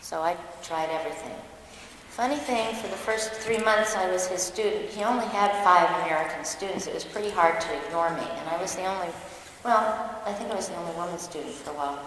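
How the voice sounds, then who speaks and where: A woman's voice: on the low side, brisk, fairly bright tone, a little hiss or hum. Woman telling stories in an echoey hall. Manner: candid, self-mocking, laughs often while telling stories. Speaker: dharma talk speaker. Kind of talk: personal storytelling talk. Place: large church hall. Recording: echoey hall recording with long reverb.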